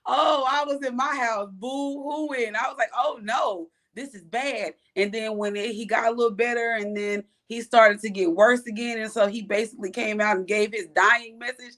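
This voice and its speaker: Expressive, profane woman telling stories. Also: a little high, normal speed, few pauses. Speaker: podcast co-host. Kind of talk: casual chat.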